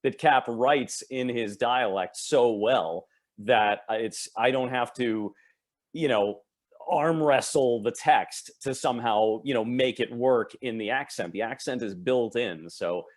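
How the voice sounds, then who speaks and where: A man's voice: medium pitch, unhurried. Talkative man explaining at length. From New York, Long Island. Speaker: audiobook narrator and dialect coach. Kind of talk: casual chat.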